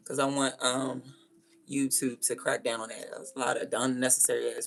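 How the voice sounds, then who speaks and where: A woman's voice: extremely low pitch, steady tone, brisk, creaky, fairly bright tone. A young woman hosting a livestream, ranting bluntly and confrontationally with lots of profanity. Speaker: livestream host. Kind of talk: casual livestream rant.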